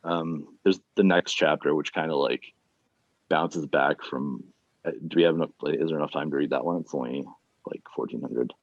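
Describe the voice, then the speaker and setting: A man reading his own fiction aloud at an online reading series, plain and unhurried, with casual asides between chapters. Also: extremely low pitch, steady tone, no room sound. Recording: dull, dry lo-fi sound.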